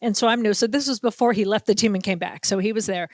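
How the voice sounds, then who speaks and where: A woman with a Boston accent, a podcast host and sports reporter telling an animated story and acting out the quotes. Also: medium pitch, quick pace, no room sound. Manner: animated storyteller, acts out quotes, laughs often. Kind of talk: casual storytelling chat.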